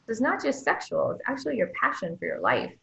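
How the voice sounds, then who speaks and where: Animated woman with gravelly, dull-sounding voice. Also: mid-range voice, fast. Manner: animated, acts out quoted voices, frequent "like" and "right?". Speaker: guest, doctor and author. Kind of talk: podcast interview.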